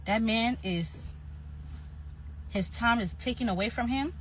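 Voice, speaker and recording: A woman's voice: on the high side, measured pace, a little hiss or hum, rough recording. A woman with an African accent giving an emphatic opinion commentary, often repeating herself for stress.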